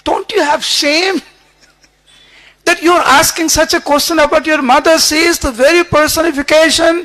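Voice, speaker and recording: A man acting out a devoted follower who scolds his master, speaking loudly and emphatically. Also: extremely high pitch, very animated, moderate pace, exaggerated voice. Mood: outraged. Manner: loud, emphatic, rebuking.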